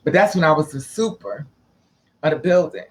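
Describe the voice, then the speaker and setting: A man's voice: fairly high pitch, sing-song, moderate pace. Sassy camp man telling stories. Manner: sassy, camp and dramatic, acts out quoted people. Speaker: storyteller. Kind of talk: casual storytelling monologue.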